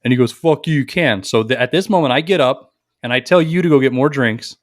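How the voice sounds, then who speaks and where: A man of middle pitch from the Las Vegas area tells a party story on a podcast with boisterous energy. He talks loudly and acts out the quoted lines. The sound is dry and close to the mic. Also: fast talker, dry recording. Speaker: podcast co-host. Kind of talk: casual storytelling chat.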